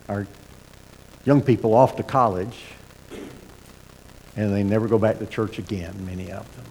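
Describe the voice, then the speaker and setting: A middle-aged man preaching a sermon as pastor, folksy and animated with asides and repeated starts. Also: medium pitch, slight background noise. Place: church sanctuary. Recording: sermon in a hall with long reverb.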